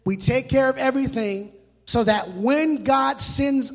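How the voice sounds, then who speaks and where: A male pastor preaching a sermon in a church, animated and emphatic, mixing in casual street slang. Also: extremely high pitch, a little slow, vocal fry. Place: church hall. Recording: long reverb of a large hall.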